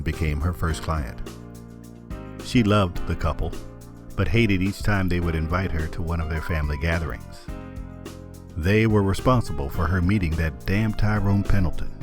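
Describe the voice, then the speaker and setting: A man narrating an audiobook in a measured, steady storytelling manner. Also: low-pitched. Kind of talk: scripted narration.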